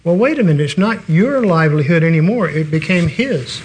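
A man's voice: a little high, lively intonation, fairly quick, few pauses, breathy edge. An older man preaching a sermon in a folksy, conversational way, telling stories and restarting his sentences.

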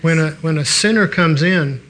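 A man's voice: a little high, moderate pace, a bit bright. An older man preaching a sermon in a folksy, conversational way, telling stories and restarting his sentences.

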